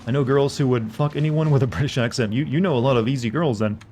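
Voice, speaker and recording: Chatting with his viewers as he plays, a Southern US-accented man streams casual gameplay commentary, rambling and cracking jokes. He speaks at medium pitch and a quick pace with a darkish tone, over slight background noise.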